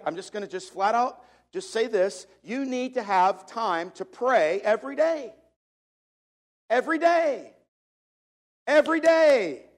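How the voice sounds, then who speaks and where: A man preaching a sermon to a congregation, repeating key phrases for emphasis in a preacher's cadence. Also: sits high. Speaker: pastor.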